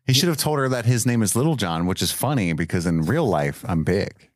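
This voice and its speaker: A man's voice: lively intonation, fairly quick, dry recording, clean studio sound. A man co-hosting a podcast, jokey and casual, sharing trivia and riffing on scenes. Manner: jokey, swings pitch widely when quoting. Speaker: podcast co-host. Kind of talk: casual film review chat.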